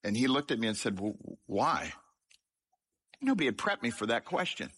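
Animated man telling his testimony. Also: mid-range voice, fast talker, breathy edge. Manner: humorous, self-deprecating storytelling. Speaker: speaker sharing his life story. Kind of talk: testimony sermon.

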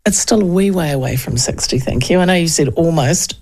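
A woman's voice: low voice, brisk, darkish tone. A New Zealand woman in her fifties hosting a radio talk show, chatting casually and rambling through political polls with frequent ums and asides. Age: 50s.

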